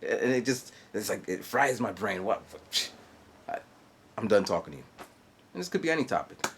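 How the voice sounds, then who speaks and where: Animated, rambling man in his forties. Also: on the low side, a little hiss or hum. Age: 40s. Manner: halting, digressive storytelling with fillers and mouth sound effects. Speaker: vlogger. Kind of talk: rambling monologue. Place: guest house in Japan.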